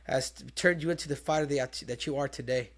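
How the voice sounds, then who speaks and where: A middle-aged man co-hosting a casual sports talk show, asking a guest questions in a halting, searching way with frequent restarts. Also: medium pitch. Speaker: podcast co-host. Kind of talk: casual chat.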